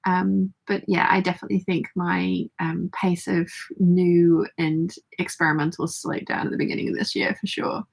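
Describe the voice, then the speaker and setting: A woman hosting a casual sewing vlog, chatting brightly with many restarts as she reads out viewer comments from her sewing room at home. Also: fairly low pitch, level tone, normal speed, creaky, few pauses. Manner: chatty, bubbly, with frequent restarts. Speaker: sewing vlogger host. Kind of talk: casual live chat reading viewer comments.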